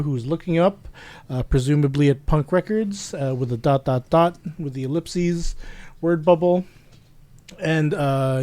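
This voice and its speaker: A man recapping a comic chapter on a casual podcast, his voice a little high for a man and recorded close and dry. He hesitates often and drops into little acted lines when he quotes the characters. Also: warm tone, no echo. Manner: hesitant, many ums, acts out quoted lines. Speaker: podcast co-host.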